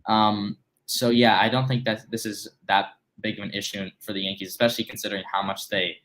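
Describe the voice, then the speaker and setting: A man's voice: on the low side, flat delivery, fairly quick, a bit bright. A teenage boy, a guest on a sports talk show, laid-back with dry humor. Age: teens.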